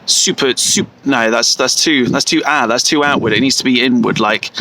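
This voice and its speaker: A man's voice: medium pitch, noisy background. A man with an English accent musing aloud in a casual vlog, correcting himself as he goes and stretching out words to mimic how they sound. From England. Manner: slow, thinking aloud with restarts and self-corrections; playfully stretches vowels when mimicking pronunciations. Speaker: vlogger.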